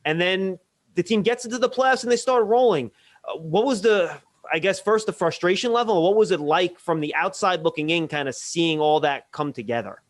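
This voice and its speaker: A man hosts the interview, asking his questions in a chatty, lively way. His voice sits high for a man. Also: normal speed. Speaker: interviewer, team show host. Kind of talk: casual interview talk.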